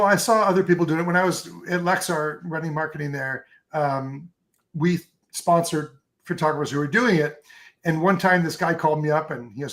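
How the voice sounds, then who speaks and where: A man in a relaxed interview, rambling happily through his stories with plenty of ums and restarts. His voice sits on the higher side for a man. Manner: enthusiastic, rambling storyteller with many fillers. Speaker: photographer guest. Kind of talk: casual interview chat.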